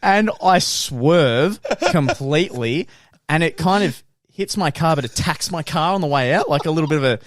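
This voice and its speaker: A man's voice: on the high side, lively intonation, moderate pace, no echo, studio quality. Laughing Australian man telling dating stories. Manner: laughing, rambling anecdotes with restarts. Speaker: podcast co-host. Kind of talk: casual chat, storytelling.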